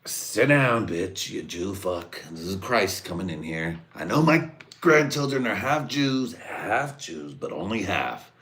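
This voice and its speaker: A man doing a slow, drawn-out impression of a boastful older male politician who praises himself. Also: sits low, animated, a bit bright. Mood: scolding. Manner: slow drawn-out bragging delivery.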